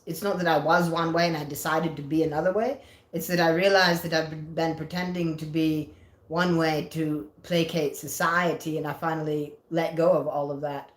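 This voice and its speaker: A woman hosts a casual livestream, reading out viewer comments and answering each one in a chatty, playful way. Her voice sits a little low. The room around her adds a noticeable echo. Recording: roomy echo.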